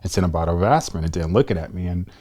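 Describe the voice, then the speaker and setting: A man in his fifties, a guest telling a personal story in an interview in a soft-spoken, reflective and earnest way. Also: low voice, racing. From United States. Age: 50s.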